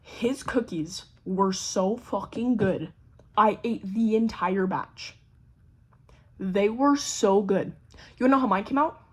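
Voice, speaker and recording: A young woman casually telling a story to camera, animated and swearing freely, acting out the voices of the people in it. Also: medium pitch, slightly rough. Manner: animated, swears a lot, acts out quoted voices. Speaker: vlogger.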